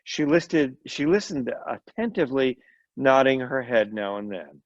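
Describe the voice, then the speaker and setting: A man's voice: medium pitch, lively intonation, a little slow, no room sound. A man, a volunteer reader, reading a short story aloud with occasional slips and brief asides. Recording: dull lo-fi recording.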